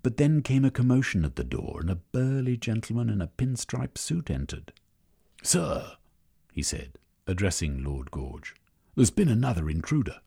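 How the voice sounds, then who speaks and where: A man reading a story aloud as narrator, in measured storytelling. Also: on the low side, sing-song, gravelly, mellow, slightly rough. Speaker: audiobook narrator. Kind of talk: scripted narration.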